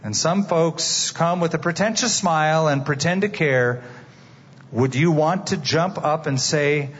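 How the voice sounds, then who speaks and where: A man's voice: on the high side, measured pace, husky. A man preaching a sermon as a dramatic story, asking his listeners direct questions. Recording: dull, reverberant hall.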